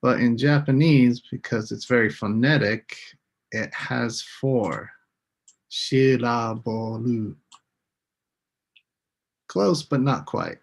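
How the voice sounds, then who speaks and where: Slow, gravelly-voiced male English teacher. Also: mid-range voice, expressive. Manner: slow, patient, models words for repetition. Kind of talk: live online English lesson.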